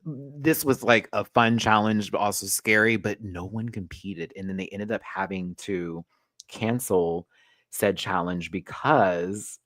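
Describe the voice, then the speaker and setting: A man's voice: fairly low pitch, measured pace, a bit bright, no echo. A man hosting a casual pop culture rant show, chatty, sassy and profane, full of asides.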